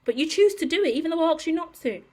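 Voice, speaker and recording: A woman's voice: very high-pitched, expressive, rapid-fire, a little mellow. A woman giving a heated, profane monologue to camera as a tarot reader, blunt and ranting.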